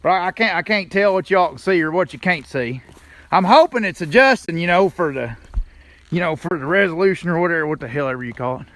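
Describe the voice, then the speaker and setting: Man, folksy livestream chat, lively up-and-down voice, handheld phone outdoors. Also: a little high, fast talker. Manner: folksy, chatty, greets viewers by name. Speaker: livestreaming channel host. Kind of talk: casual live stream chat. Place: home, walking around the yard outdoors. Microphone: phone held in hand.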